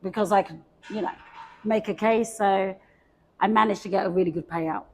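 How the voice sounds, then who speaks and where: A woman's voice: mid-range voice, moderate pace, darkish tone. A middle-aged woman, a guest coach, telling her story in casual, candid chat, self-mocking and lightly swearing.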